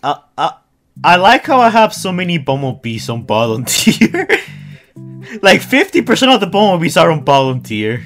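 A man's voice: fairly high pitch, very animated, normal speed, fairly bright tone, soft background music. A man hosting a casual chat over a call, joking and sarcastic with his friends. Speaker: channel host.

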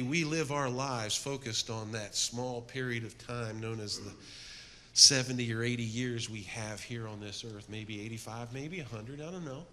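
Animated man preaching, bright-toned. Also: medium pitch. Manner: animated storytelling, dropping to a soft earnest appeal. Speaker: men's ministry speaker. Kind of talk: sermon.

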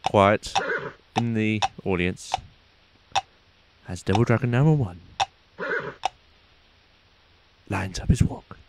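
A man playing a pompous, excitable sports announcer in mock commentary over a video game, with formal announcer phrasing, recorded on a noisy home mic. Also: extremely high pitch, fast, voice pushed up, heavily acted. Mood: hushed commentary. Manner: formal announcer phrasing, shouts at near misses.

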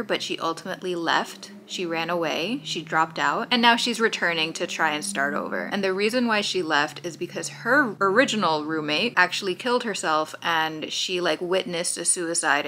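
A woman's voice: fairly low pitch, bright, forceful tone. Snarky woman reviewing a book on camera. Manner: sarcastic, snarky. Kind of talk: casual reading vlog commentary. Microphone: handheld camera.

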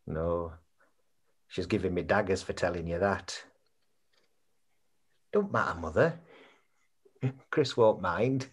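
A blunt, chatty son. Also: male voice, low-pitched, slow pace, long pauses, breathy edge, exaggerated voice. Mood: earnest, chatty. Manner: blunt, chatty, keeps checking with his mother. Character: chatty middle-aged Yorkshire son, earnest and blunt. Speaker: bereaved son planning a funeral. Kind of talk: comedy series acting on a video call.

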